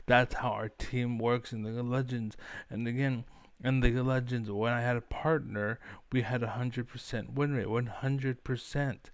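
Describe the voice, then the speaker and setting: Young guy ranting, swears a lot, flat voice, dry close sound. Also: mid-range voice, normal speed, clean tone, dry recording. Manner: rambling, profane, fired-up. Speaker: online commentator. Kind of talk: profane rant to camera.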